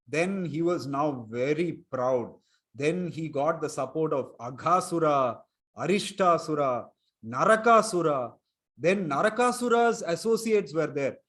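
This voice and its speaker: A man's voice: fairly high pitch, lively intonation, measured pace, fairly bright tone. A man telling a story to children in an online class, chuckling and quizzing them. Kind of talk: storytelling lesson for kids online.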